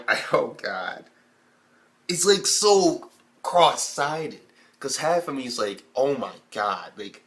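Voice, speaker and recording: Young male anime reviewer, casual and foul-mouthed, animated, leaps into high-pitched reactions. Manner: animated, heavy swearing, acts out characters in high squeaky bursts. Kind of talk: casual profane video review.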